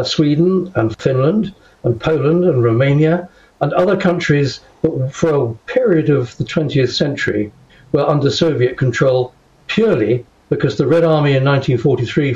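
A man's voice: medium pitch, darkish tone, lo-fi sound. An older man, a guest in a studio interview, speaking firmly and measuredly and stressing key words. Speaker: guest commentator.

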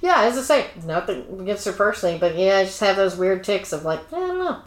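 A woman chatting casually on a podcast, blunt and opinionated, her talk full of fillers. Her voice has a middle pitch and sounds a little roomy. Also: lively intonation, fast talker. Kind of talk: casual chat. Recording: echoey room.

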